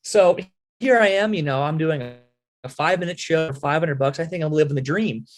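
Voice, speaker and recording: A Philadelphia-area man in his twenties, guesting on a podcast and a halftime performer, tells his story in a casual interview. His voice sits on the high side and moves quickly, animated and lively, packed with fillers.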